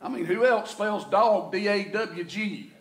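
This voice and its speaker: A man with a Southern US accent preaching a sermon as pastor, folksy and swinging between loud and quiet. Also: high-pitched, a little slow, slight background noise. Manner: folksy preaching, rising and falling in intensity. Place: church sanctuary. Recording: echoey church room.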